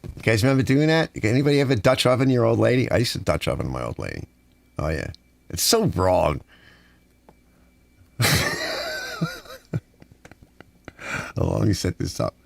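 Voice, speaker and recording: A middle-aged man from the United States hosting a rambling live stream, grumbling and animated as he reads chat aloud. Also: lowish voice, fast talker, creaky.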